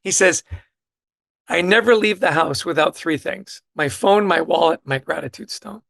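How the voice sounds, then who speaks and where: A middle-aged man telling lively stories with enthusiasm as a guest author in a casual interview. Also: on the high side, moderate pace, creaky, no room sound. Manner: animated, enthusiastic anecdote teller.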